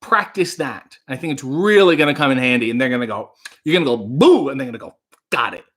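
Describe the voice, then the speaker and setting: A man's voice: medium pitch, fast talker, a bit bright. A man hosting a casual livestream, telling rambling stories and reading out chat comments. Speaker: livestream host.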